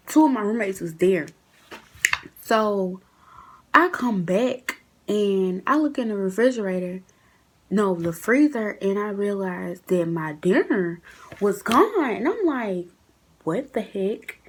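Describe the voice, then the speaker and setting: A woman's voice: mid-range voice, a little hiss or hum. Chatty young woman telling a story. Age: young adult. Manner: chatty, animated, acts out quotes in shifting voices. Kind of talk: casual storytime vlog.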